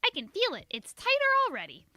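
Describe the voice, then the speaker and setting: A woman voicing an excitable, stubborn little schoolgirl who bursts into melodramatic shrieks, read as a storybook. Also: extremely high pitch, fairly quick, dry recording, clean studio sound, pitched above the performer's own voice, full character voice. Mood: insistent.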